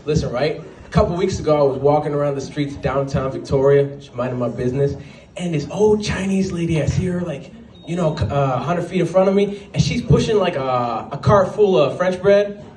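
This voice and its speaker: A man performing a stand-up comedy set at an open mic, telling stories with quick asides. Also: a little high. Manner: animated storytelling with quick asides and put-on voices. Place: small venue at an open mic night. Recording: roomy sound, voice from a distance, faint background.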